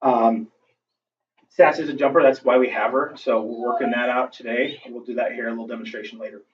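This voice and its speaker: A man's voice: mid-range voice, steady tone, fairly quick. A man working as a dog trainer, giving a casual instructional demonstration and talking through each step with fillers. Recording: distant, dull lo-fi recording with faint background noise.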